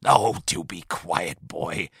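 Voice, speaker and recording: A male narrator voices a storybook's old village leader, gentle and understated, with a deep, crisp voice and slow, easy calm in an exaggerated character performance. The delivery is quiet and dry, with a close, dead sound and no room tone, and the mood is pleasant.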